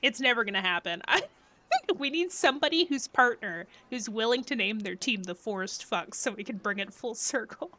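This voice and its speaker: A woman streamer chatting casually with her live chat, playful and giggly, often laughing and sometimes dropping into quiet mumbled asides. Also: a little high, expressive, moderate pace, noisy background.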